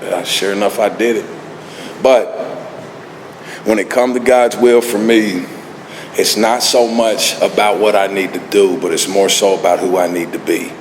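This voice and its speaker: A man's voice: fairly low pitch, steady tone, moderate pace. A man giving a laid-back recovery talk at a meeting, laughing often as he tells stories. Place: meeting hall. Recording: echoey hall, faint ambient noise.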